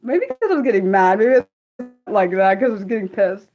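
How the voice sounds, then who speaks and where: A woman's voice: medium pitch, big pitch swings, a little fast, highs cut off. A woman hosting an unscripted livestream, reading her chat aloud and venting with frequent swearing. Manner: reads and answers chat aloud. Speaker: livestream host.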